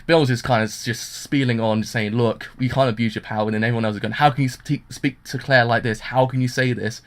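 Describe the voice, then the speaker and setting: Speaking fairly quickly in a steady, mid-range voice, a man reviews an anime casually. He rambles with constant fillers and voices the characters' lines as he goes.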